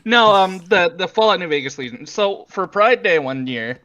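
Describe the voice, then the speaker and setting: High-voiced man telling rowdy stories. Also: normal speed. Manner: laughing, swears freely, animated storytelling. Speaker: podcast co-host. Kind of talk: casual chat. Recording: dull lo-fi sound.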